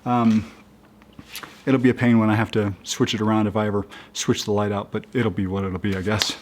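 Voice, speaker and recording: A man talking casually in a how-to video, halting and upbeat, with many restarts and fillers as he works. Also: lowish voice, little pitch movement. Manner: chatty and upbeat. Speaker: vlogger installing a roof rack.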